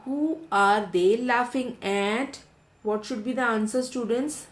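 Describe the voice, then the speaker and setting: A woman teacher, taking a class of children through a lesson, repeating each question and answer slowly so they can write it down. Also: fairly high pitch. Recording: roomy echo.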